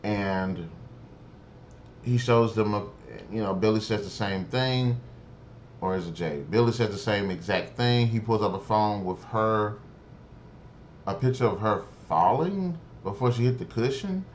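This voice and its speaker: Male reviewer, lower register, exasperated and profane, rambly delivery, light background noise. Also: expressive, measured pace, muffled recording. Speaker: show reviewer. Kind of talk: casual spoken review.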